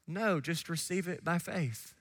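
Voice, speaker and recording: A man preaching a sermon as pastor, swinging from hushed asides to shouted emphasis and quickly acting out the voices of listeners. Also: fairly high pitch. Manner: acts out listeners and biblical figures in quick quoted asides.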